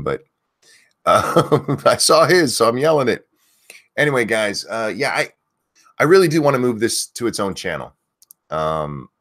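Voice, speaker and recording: A man hosting a live stream in a relaxed, chatty way. His voice sits fairly low, but it swings widely as he calls out names loudly and then drops back into blunt, easygoing talk with a bit of swearing. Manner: frank and blunt, with mild swearing. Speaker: host of a live stream show. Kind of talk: casual live-stream chat.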